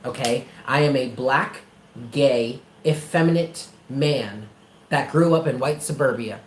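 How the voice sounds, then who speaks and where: A man's voice: mid-range voice, a little slow. A man reads tarot live, pressing his points hard, swearing freely and calling the sitter by endearments. His voice carries a roomy echo, and there is a faint hiss of noise behind him. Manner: emphatic, blunt, profane, affectionate. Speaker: tarot reader.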